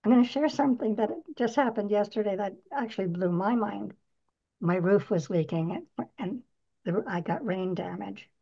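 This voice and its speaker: A woman's voice: mid-range voice, moderate pace, vocal fry, mellow, slightly rough, dull audio. A woman in her nineties giving an earnest, upbeat motivational talk on her podcast, asking the listener rhetorical questions. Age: 90s. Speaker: podcast host.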